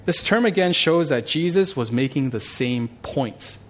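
A male pastor praying, then teaching a Bible passage in a conversational, animated way. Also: fairly high pitch, measured pace. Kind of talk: sermon with prayer.

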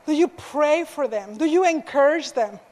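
A woman's voice: high voice, lively intonation, normal speed, darkish tone. A woman preacher telling a personal story in a sermon, earnest, with self-deprecating asides. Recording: echoey hall reverb.

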